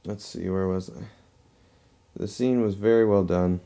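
Low gravelly-voiced man reviewing a film. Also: a little slow, dark tone. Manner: rambling, repeats and restarts phrases. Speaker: movie reviewer. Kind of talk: casual movie review.

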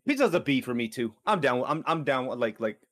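A man's voice: mid-range voice, big pitch swings, fast talker. A man co-hosting a podcast, telling a rambling story full of swearing and restarts in casual chat. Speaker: podcast co-host.

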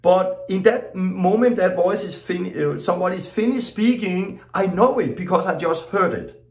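A man's voice: high voice, moderate pace. A middle-aged man giving an informal teaching talk as a preacher, telling stories and acting out his own exclamations in plain, loosely worded non-native English. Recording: echoey room.

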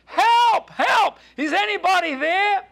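A man doing a panicked man yelling for help. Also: very high-pitched, very animated, takes it slowly, vocal fry, pitched above the performer's own voice, full character voice. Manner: panicked, pleading yells. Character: terrified man dangling from a branch.

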